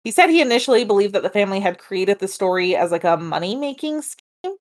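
A woman's voice: medium pitch, expressive, quick pace. A woman co-hosting a podcast, telling a paranormal case in a loose, chatty way and laughing often. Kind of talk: casual storytelling chat.

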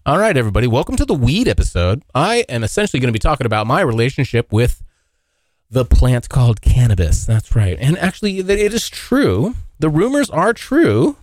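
A man hosting a casual solo podcast, joking and swearing, now and then yelping into high silly voices. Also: no room sound, studio quality. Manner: animated, swearing, jokey, yelps into high voices. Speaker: podcast host. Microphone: hot close mic.

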